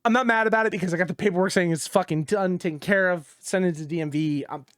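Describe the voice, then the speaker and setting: A man co-hosting a gaming podcast tells a story in casual chat, exasperated and swearing, his voice dropping low whenever he quotes someone. He talks fast with a slightly bright tone, and the audio is clean studio sound with no room echo.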